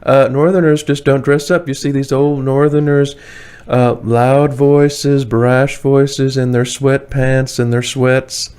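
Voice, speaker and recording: Man with a Tidewater Virginia accent and an average-pitched voice, talking casually and rambling in a home vlog. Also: flat delivery, slow, a little mellow, clear, resonant tone. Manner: chatty, rambling, many fillers, chuckles often. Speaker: vlogger. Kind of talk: casual opinionated monologue. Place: indoors, warm room.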